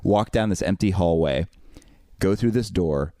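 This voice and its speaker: A man co-hosting a podcast, telling a long story in an exasperated, animated way with many fillers and restarts. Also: deep voice, a little slow, no room sound, clean studio sound. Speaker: podcast co-host. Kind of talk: casual storytelling chat.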